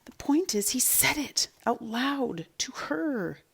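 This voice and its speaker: A woman's voice: sits high, sing-song, takes it slowly, creaky, slightly rough, pitched above the performer's own voice, full character voice. A woman reading aloud and voicing an anxious, exasperated third-grade boy. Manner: worried, insistent, exasperated.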